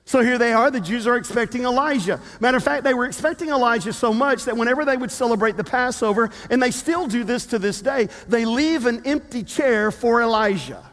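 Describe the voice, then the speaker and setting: A man preaching a sermon as a pastor, telling a story in a lively way with humorous asides. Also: very high-pitched, brisk, few pauses. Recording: long reverb of a large hall.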